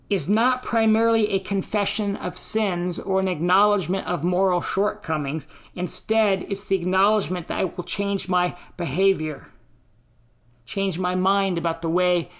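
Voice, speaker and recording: American woman preacher, mid-pitched, unhurried, deliberate teaching sermon with emphatic quotations. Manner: slow, deliberate teaching delivery with emphatic quotes. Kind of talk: sermon on scripture and history.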